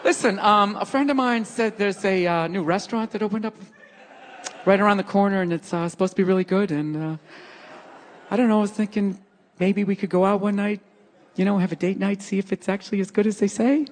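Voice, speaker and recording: Timid wife asking carefully, hushed and halting, played by a man. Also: high voice, fairly even intonation, a little hiss or hum, pitched below the performer's own voice. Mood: tentative. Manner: soft, halting, full of ums and uhs. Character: timid hesitant wife tiptoeing around a request.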